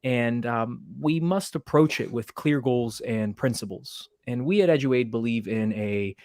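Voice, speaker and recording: A man's voice: medium pitch, unhurried, a little mellow, no room sound. A man who teaches middle school presents a webinar demo, explaining things steadily with the occasional filler. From Maryland, USA.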